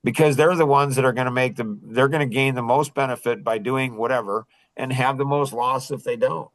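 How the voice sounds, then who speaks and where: A man gives a casual sales lesson, lively and hands-on, acting out lines he would say to a customer. His voice is mid-pitched and plainly recorded, dry with no room sound. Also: a little fast, no room sound, poor audio. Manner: animated, acts out sales lines, frequent restarts. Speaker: sales coach. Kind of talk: casual teaching talk.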